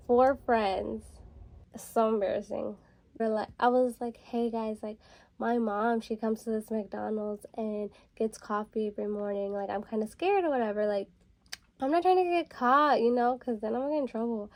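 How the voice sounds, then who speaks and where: A woman's voice: on the high side, moderate pace. A young adult woman vlogger telling a story in a casual, rambling way, full of fillers. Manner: chatty, rambling, filler-heavy with frequent "like". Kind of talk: casual storytelling while getting ready.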